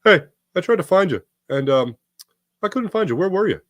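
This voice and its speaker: A fussy, nagging older dad with a raised, sing-song voice, as a man puts him on. He keeps calling out names over and over in a bright, pushy tone. The sound is dry and close, with no room at all. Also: high voice, lively intonation, moderate pace, no echo, pitched above the performer's own voice. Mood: puzzled. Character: host's middle-aged dad, fussy and nagging.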